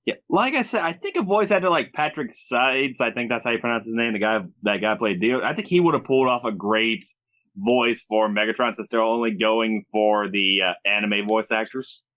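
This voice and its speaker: Guy w a bright kinda tense voice, earnest, casual chat. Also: lowish voice, expressive, normal speed. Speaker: guest discussing voice acting. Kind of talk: casual discussion.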